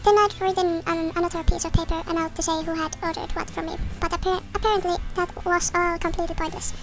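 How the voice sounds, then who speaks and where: A woman reading a fretful village woman's game dialogue aloud in a squeaky put-on voice, with game music under her. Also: little pitch movement, fast talker.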